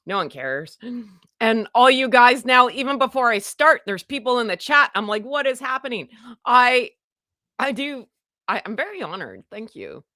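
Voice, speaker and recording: Loud chatty canadian lady on a home livestream, bright voice, dry close mic. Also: fairly high pitch, lively intonation, normal speed, dry recording. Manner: chatty, greets viewers by name, self-deprecating. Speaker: livestream host. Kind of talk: casual livestream chat. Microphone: desk microphone.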